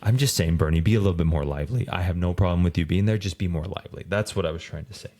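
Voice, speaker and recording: A man co-hosting a racing podcast in casual chat, rambling and animated, full of fillers. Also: low voice, very fast. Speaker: podcast co-host.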